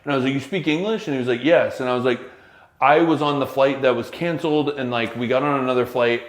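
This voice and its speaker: Male podcast co-host, lively casual storyteller, average pitch, echoey room sound. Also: quick pace. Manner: animated, acts out quotes. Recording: roomy echo.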